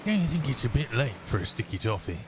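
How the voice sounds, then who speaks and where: A man's voice: mid-range voice, very animated, fast talker, noisy background, lightly acted. A man voicing a brash, swearing East End Londoner with a put-on Cockney accent who slips rhyming slang into role-play chat. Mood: cocky. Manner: swaggering, drops rhyming slang. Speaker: streamer's character.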